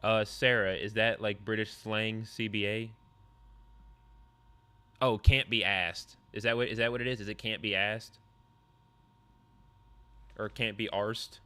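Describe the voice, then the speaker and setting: A man's voice: lowish voice, steady tone, moderate pace, long pauses, pushed and bright, clean tone. A man streaming, musing aloud and answering his chat in a reaction commentary.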